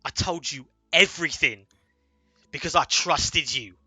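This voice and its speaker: Dm doing an angry young lieutenant yelling in a game, crisp dry sound. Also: male voice, medium pitch, extremely slow, dry recording, soft background music, heavily acted. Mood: enraged. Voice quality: shouting, strained. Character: furious young male lieutenant, betrayed.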